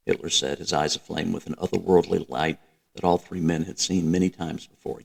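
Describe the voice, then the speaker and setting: A man narrating a novel in a measured, even reading. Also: sits low, creaky, husky. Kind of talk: audiobook reading.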